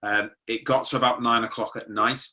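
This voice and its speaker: Bright-voiced man telling a personal story. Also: mid-range voice, fairly even intonation, brisk. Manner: conversational, with frequent restarts and quoted dialogue. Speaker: former police sergeant, guest.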